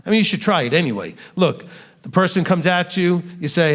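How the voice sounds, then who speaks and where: A man leading a question-and-answer teaching session, animated and acting out the lines he quotes. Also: sits high, fairly quick, in a large hall. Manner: animated, acts out quoted dialogue.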